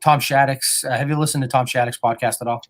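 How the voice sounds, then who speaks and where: A man co-hosting a podcast in casual chat, ribbing others with quick, profane banter. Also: medium pitch, steady tone. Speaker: podcast co-host.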